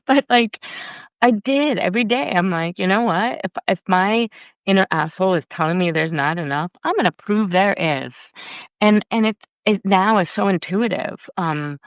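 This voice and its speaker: Woman guest on a live video call, lively and sweary, smooth voice but dull lo-fi sound. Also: lowish voice, no room sound. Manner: animated, swearing freely, acting out her inner voice in quotes. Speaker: guest, workshop leader. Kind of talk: casual conversation on a live video.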